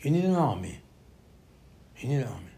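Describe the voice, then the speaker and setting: A man teaching a Torah class as an animated story. He acts out quoted voices with sudden loud bursts and mixes Hebrew terms into his English. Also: medium pitch, a little fast, gravelly, slight background noise.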